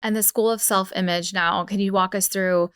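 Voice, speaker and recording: A woman's voice: medium pitch, fairly even intonation, moderate pace, fairly bright tone, clean tone, no room sound, studio quality. A woman hosting a podcast interview, upbeat and steering the talk with questions. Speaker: podcast host. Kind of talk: casual interview.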